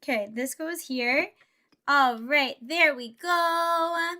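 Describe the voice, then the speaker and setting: A woman's voice: high voice, slow, pushed and bright. A young woman VTuber chatting playfully with her live chat while she builds a Lego set. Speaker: VTuber streamer.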